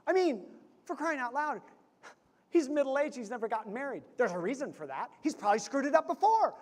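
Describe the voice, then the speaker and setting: A man's voice: very high voice, big pitch swings, fairly quick, voice pushed up, exaggerated voice. A man voicing a fretful older woman who rants in exasperation about a wedding. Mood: exasperated. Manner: exasperated, ranting. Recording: reverberant church hall.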